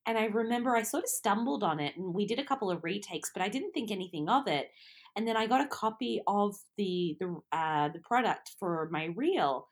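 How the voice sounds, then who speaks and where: A woman's voice: mid-range voice, animated, brisk. A young adult woman with an Australian accent, co-hosting a podcast in casual chat, self-deprecating and giggly, tripping over words. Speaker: podcast co-host.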